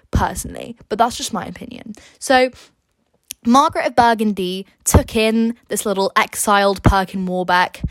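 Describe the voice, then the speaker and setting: A woman's voice: a little high, no echo. A young woman hosting a casual history revision podcast, chatty and jokey, talking close to the mic. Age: young adult. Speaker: student podcast host.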